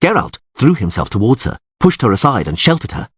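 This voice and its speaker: A man narrating an audiobook in a dramatic, highly expressive way. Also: fairly quick, breathy edge, no echo, studio quality.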